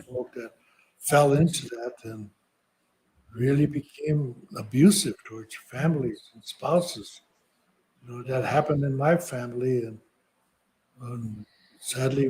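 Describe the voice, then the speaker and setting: Soft-spoken older man, mellow voice. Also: medium pitch, slight background noise, low-quality recording. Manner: slow, halting, soft-spoken. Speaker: podcast guest speaker. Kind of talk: reflective personal storytelling.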